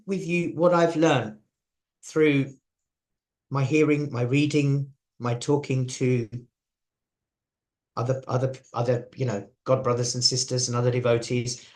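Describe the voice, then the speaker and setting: A man with an English accent giving a chatty devotional talk, sharing stories and asking the audience questions. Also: medium pitch. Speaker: preacher.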